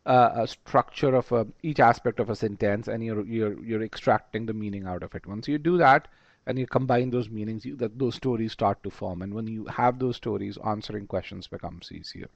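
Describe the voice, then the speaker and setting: With a lowish, creaky voice at a slightly fast pace, a man teaches test preparation in a webinar. He's emphatic and repeats words while thinking aloud. The recording is muffled but echo-free.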